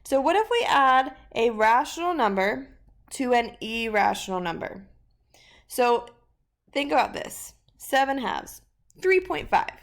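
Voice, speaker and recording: A woman's voice: a little high, big pitch swings, unhurried. A woman teaching a math lesson in a casual way, thinking aloud through examples in an upbeat, chatty manner.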